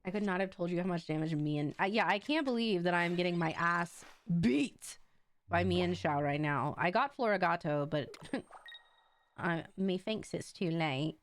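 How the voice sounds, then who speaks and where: A young woman streaming a card game, chatting casually in an animated way and laughing often. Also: lowish voice, normal speed, slight background noise. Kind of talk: casual chat while playing a card game.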